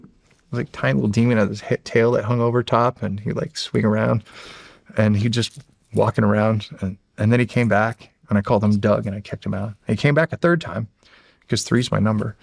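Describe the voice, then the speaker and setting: This middle-aged American, a former Navy SEAL, is a podcast guest who tells animated, casual stories and imitates the voices in them. His fairly low voice holds a steady tone with vocal fry and a slightly quick pace, in a clean studio recording without echo.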